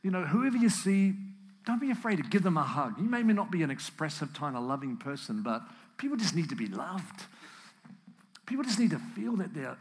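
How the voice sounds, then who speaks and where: A man preaching a sermon, earnest and emotional, at times close to tears, building up to animated emphasis. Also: on the high side, fairly quick. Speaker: pastor.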